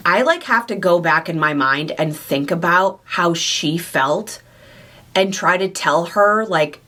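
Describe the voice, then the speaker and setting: A woman hosting a question-and-answer vlog to camera, speaking candidly and warmly about her own weight loss journey and her affection for her viewers. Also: lowish voice, lively intonation, slow pace. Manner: candid, heartfelt, confiding. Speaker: weight loss surgery coach and channel host.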